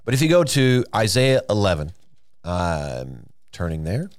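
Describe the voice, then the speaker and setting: A man's voice: low voice, huge pitch swings, a little slow, dry recording, studio quality. A man teaching the Bible in a podcast, earnest and emphatic, with frequent fillers and restarts as he works through passages.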